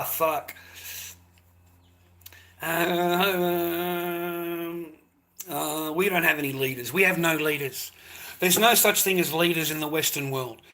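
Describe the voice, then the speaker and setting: A man's voice: a little high, sharp tone. An Australian man ranting angrily on a live stream, profane and repetitive.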